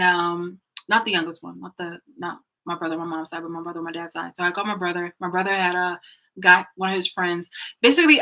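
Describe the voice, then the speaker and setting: A woman vlogger tells a personal story from a room in her home, rambling casually with plenty of fillers and restarts. She is blunt, profane and emphatic, with a lowish, bright voice and a forceful tone, on a low-quality recording.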